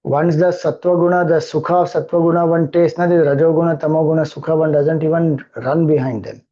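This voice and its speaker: This man has an Indian accent and a voice on the high side, steady in tone and mellow, though the highs are cut off. He's a spiritual teacher explaining scripture at a brisk clip, repeating verses again and again and posing rhetorical questions.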